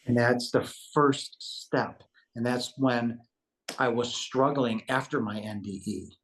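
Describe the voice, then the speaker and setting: A man's voice: mid-range voice, fairly even intonation, slow, fairly bright tone, slight background noise, rough recording. A man giving an earnest spiritual testimony as an interview guest, emphatic, repeating himself and asking "right?" as he goes.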